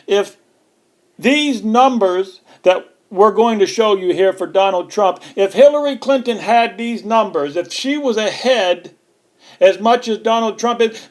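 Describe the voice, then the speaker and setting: A man giving a scornful, emphatic political rant over news footage, repeating his points for weight. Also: high-pitched. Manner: scornful, mocking. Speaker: online political commentator.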